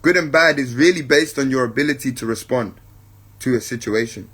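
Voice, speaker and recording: Husky-voiced man musing on peace. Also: medium pitch, a bit bright. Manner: keeps checking in with listeners, addresses them as family; unhurried, repeats points for emphasis. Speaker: podcast host. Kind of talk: reflective spiritual talk.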